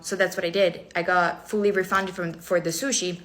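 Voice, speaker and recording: A woman telling a personal story to camera in a lively way, acting out both sides of a phone call. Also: fairly low pitch, moderate pace. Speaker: social media creator.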